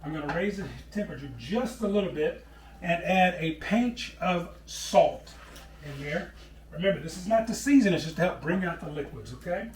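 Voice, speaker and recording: A man's voice: sits high, lively intonation, moderate pace, reverberant, distant mic. A middle-aged man hosting a home cooking show, chatting casually as he preps vegetables and calls people "brother.". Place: home kitchen.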